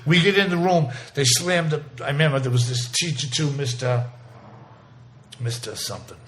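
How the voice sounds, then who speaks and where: A man's voice: fairly high pitch, normal speed, fairly bright tone. A man, telling a vivid, profane, rambling story in a casual interview, full of restarts. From South Boston. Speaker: interview guest.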